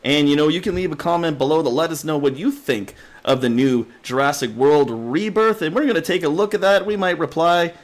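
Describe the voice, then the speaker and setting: An excitable man with a fairly high voice co-hosts a casual movie review podcast. He laughs often and acts out his reactions as he retells scenes. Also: a little fast, hardly any pauses. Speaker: podcast co-host.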